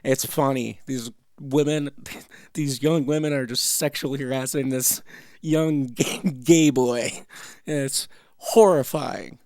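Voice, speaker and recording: Canadian male host, gravelly and mid-pitched, swearing through loose reaction chat at a dry home desk mic. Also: fairly even intonation, slow, darkish tone, dry recording. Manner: rambling, profane, laughing asides. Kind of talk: casual reaction commentary.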